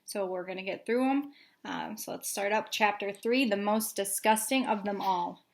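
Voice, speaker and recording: Young teacher, storytime read-aloud for kids, relaxed and casual, woman. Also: mid-range voice, normal speed, gravelly. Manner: casual, with fillers. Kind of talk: reading a chapter book aloud to children.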